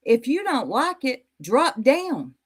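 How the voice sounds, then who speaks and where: A woman hosts a reaction video, jabbing at a livestream clip in a mocking, sassy tone. She drags her words out slowly while her pitch leaps up and down, and she sits a little above the usual female range. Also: very animated, breathy edge. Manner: sassy, mocking, talks straight to viewers. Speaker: YouTube commentary host.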